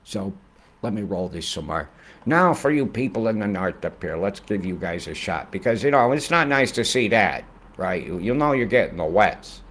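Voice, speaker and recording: A man giving a casual weather forecast in a rambling, excitable way, often swearing and slipping into rhymes. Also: fairly low pitch, normal speed, breathy edge.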